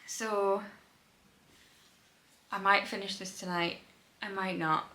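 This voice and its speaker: A young woman chatting casually in a bright, crisp voice as she records a reading vlog at home. She sounds tired and laughs often as she talks. A faint hiss of room noise sits under her voice. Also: medium pitch, fairly even intonation, takes it slowly, low-quality recording. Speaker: book vlogger. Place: home indoors.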